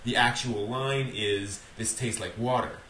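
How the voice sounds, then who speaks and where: A man's voice: medium pitch, steady tone, unhurried, sharp tone. A man chats casually on a podcast, circling through restarts and hesitant asides. His voice carries a roomy echo, and a faint hiss runs underneath it. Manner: rambling, hesitant, with many restarts and laughs. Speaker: podcast co-host. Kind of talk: casual chat.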